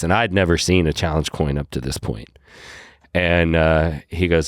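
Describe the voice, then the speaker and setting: A man, a podcast guest, telling a story in a casual, animated way and acting out his own lines. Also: very deep voice, unhurried, dry recording, clean studio sound. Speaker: podcast guest, whiskey brand founder.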